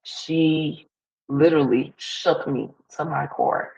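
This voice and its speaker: A woman's voice: low voice, fairly even intonation, slow pace, gravelly, a little mellow, muffled recording. A woman as a podcast guest, telling a personal story in an earnest, casual way, full of "like" fillers. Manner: earnest, heavy use of "like" fillers.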